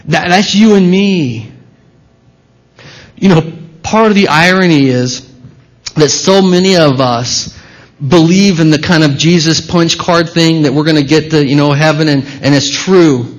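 A pastor preaches a sermon at a church service, addressing the congregation in a conversational yet emphatic way. His voice is a little high and unhurried, and the lo-fi recording sounds dull.

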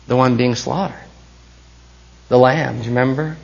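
A man preaching a sermon as pastor, swinging between hushed intensity and rising passion. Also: medium pitch, steady tone, normal speed, vocal fry, highs cut off.

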